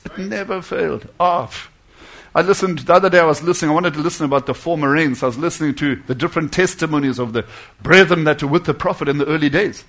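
A male preacher with a high, ringing voice. He delivers a fervent sermon, pushing his phrases loud and then sinking to near hushes. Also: fast.

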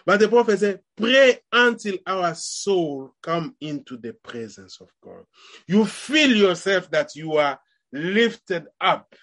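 Male preacher, somewhat high voice, emphatic rising phrases, chatty sermon. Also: very animated, fairly bright tone. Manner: conversational preaching with rising emphatic lines and quick asides.

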